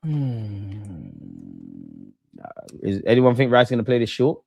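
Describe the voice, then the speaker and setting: A man hosting a live football watchalong, reacting excitedly, swearing and talking to his chat and the players. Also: medium pitch, fast talker, no room sound, muffled recording.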